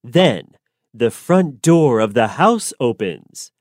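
A woman narrating a simple storybook in a clear, deliberate way for learners. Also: a bass voice, sing-song, a little mellow, dry recording, studio quality.

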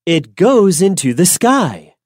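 A woman reads a storybook aloud, very slowly and clearly, her low voice rising and falling a great deal. The sound is dry and close. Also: sing-song, darkish tone, dry recording. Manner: clear, simple and deliberate. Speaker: narrator. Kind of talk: slow storybook narration for learners.

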